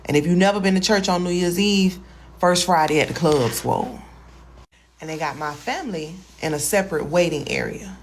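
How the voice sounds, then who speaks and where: A woman's voice: on the low side, moderate pace, a little hiss or hum. A woman telling a personal story in a folksy, colloquial way. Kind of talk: casual storytime.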